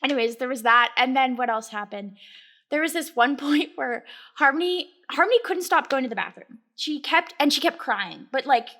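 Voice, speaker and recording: Young woman podcast co-host, casual storyteller, high-pitched, laughs a lot, salty language. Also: normal speed. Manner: animated, laughing often, swearing freely.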